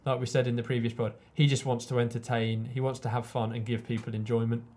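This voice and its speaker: Podcast co-host, relaxed, rambling, mellow voice. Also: mid-range voice, quick pace. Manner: relaxed, loose rambling sentences. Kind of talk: casual film chat.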